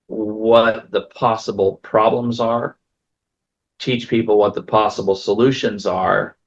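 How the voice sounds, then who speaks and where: A man's voice: fairly low pitch, gravelly. A man who is an attorney giving a casual seminar talk, telling stories with many fillers. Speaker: estate planning attorney. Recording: dull lo-fi recording.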